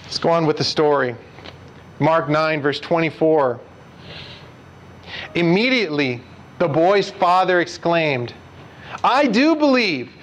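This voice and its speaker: High-voiced pastor preaching earnestly. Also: male voice, measured pace, long pauses, low-quality recording. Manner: earnest, direct questions to the congregation. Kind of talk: conversational sermon.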